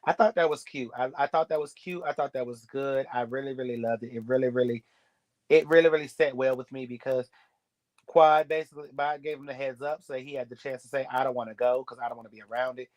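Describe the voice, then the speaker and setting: A man's voice: mid-range voice, fairly even intonation, quick pace. A man giving a sassy, blunt, gossipy recap of a reality show episode. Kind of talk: casual recap commentary.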